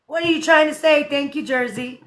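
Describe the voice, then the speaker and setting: A woman's voice: high-pitched, fairly even intonation, fairly quick, a bit bright, rough recording. A woman hosting a live stream, chatting casually and speaking her mind. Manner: outspoken, chatty.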